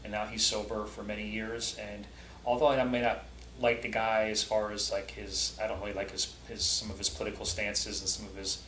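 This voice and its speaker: A man's voice: on the low side, level tone, a little fast, fairly bright tone, slight background noise. Chatty man hosting a vlog, roomy echo. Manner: chatty, addresses viewers directly. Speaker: vlog host. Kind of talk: casual commentary.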